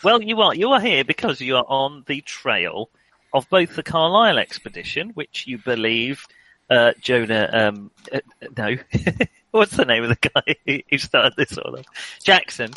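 A man's voice: medium pitch, sing-song, measured pace, sharp tone, no echo, low-quality recording. A man acting as game master, narrating clues in a rambling, self-mocking way and stumbling over names. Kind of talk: narrating a tabletop horror game.

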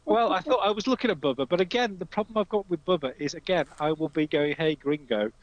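Man, tabletop game player, hesitant, stammering, slightly high, lo-fi muffled sound. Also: expressive, fast, no echo. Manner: hesitant, stammering, many restarts. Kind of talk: casual table chat.

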